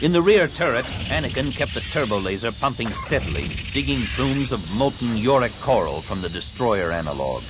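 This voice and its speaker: A man reading an action audiobook in a dramatic, expressive scripted narration. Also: medium pitch, normal speed, few pauses, music in the background.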